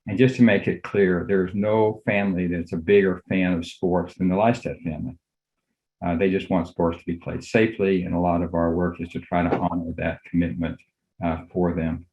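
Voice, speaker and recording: An older man, a physician, giving a measured academic lecture on a video call, courteous and full of fillers. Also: deep voice, level tone, darkish tone, muffled recording. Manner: measured, courteous, thinks aloud with many fillers.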